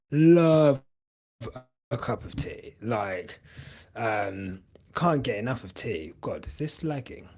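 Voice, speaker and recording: A man's voice: a little high, a little mellow. A young man chatting casually on a live stream, rambling with many fillers and casual swearing. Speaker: podcast host streaming live.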